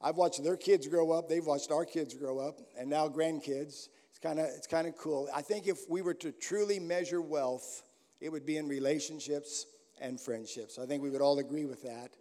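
In an echoey recording from a big church hall, an older American guest pastor delivers a sermon at normal speed. His voice is warm and on the high side, and he tells folksy stories, often restarting his sentences.

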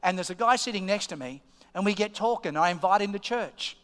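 A middle-aged Australian man preaching a sermon as pastor, an animated storyteller who swings from hushed asides to loud excited peaks. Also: sits high, a little fast, smooth. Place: church auditorium. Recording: long reverb of a large church hall.

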